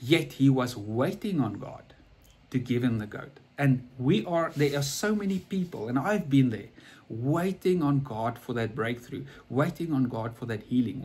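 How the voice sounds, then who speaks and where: Male preacher, earnest conversational storyteller, slightly husky voice, mid pitch. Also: a little mellow. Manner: earnest, repeats and restarts words.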